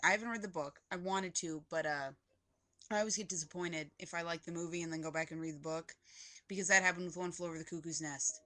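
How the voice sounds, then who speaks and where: Sitting indoors at home in dim light, a young woman reviews a movie on her webcam, rambling enthusiastically with plenty of "like"s. Her voice is on the low side, with a fairly bright tone.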